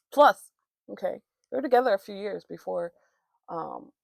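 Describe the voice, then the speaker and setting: A woman's voice: fairly low pitch, gravelly, dark tone, no room sound, studio quality. A woman vlogger chatting casually, telling a rambling, profane, candid story with many restarts.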